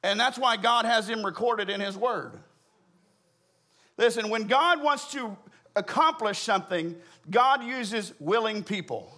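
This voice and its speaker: A man preaching a sermon, reading scripture and telling a story, with quiet, lowered prayers. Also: a little slow. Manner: tells a joke story, acting out voices with rising pitch. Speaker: pastor.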